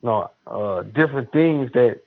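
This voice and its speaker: A man in casual religious chat, preachy and emphatic, with drawn-out exhortations. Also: mid-range voice, expressive. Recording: tinny phone-line sound.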